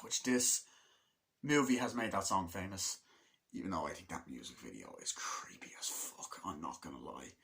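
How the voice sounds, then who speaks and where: A man talks through a film he loves in a loose, rambling monologue, peppered with swearing and "like". His voice is bright and forceful, pitched a little low. He jumps between thoughts with lots of restarts. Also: vocal fry. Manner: rambling and excitable, swears often, many fillers like "like"; acts out movie lines in quick put-on voices. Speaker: film reviewer. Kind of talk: casual rambling film review.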